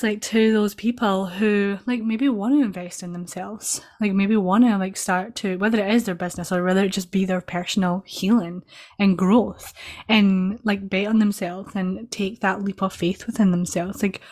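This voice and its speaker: A woman's voice: medium pitch, moderate pace, darkish tone. A woman podcast host and business coach, asking reflective, winding questions full of "like" fillers. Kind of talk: conversational interview questions.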